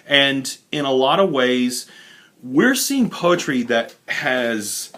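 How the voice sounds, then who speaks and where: A man's voice: medium pitch, very animated, slow pace, a bit bright. A young adult man teaching a recorded college literature lesson in a loose, informal way, with many fillers and asides. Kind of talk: casual recorded lecture.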